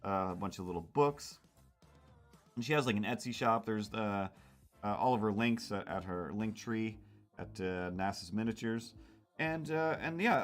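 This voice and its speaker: A man hosting a casual drawing livestream, rambling and self-mocking as he chats with viewers. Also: fairly low pitch. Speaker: cartoonist streamer.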